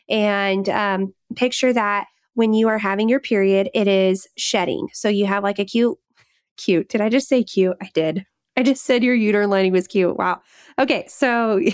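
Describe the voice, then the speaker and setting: A woman's voice: mid-range voice, no echo, studio quality. A woman hosting a faith-based fertility podcast, talking with passion and frequent laughter. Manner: passionate, fervent, laughs often. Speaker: podcast host.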